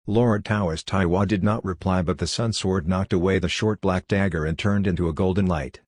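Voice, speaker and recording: A man reading a fantasy audiobook as narrator in a steady, even storytelling delivery. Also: low-pitched, moderate pace, no echo, clean studio sound. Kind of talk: scripted narration.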